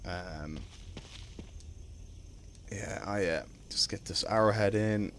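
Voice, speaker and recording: A young Irish man streaming a video game, chatting casually with his viewers between drawn-out ums. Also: on the low side, slight background noise. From Ireland. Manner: laid-back, drawn-out ums, greets chat. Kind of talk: casual live-stream chat while gaming.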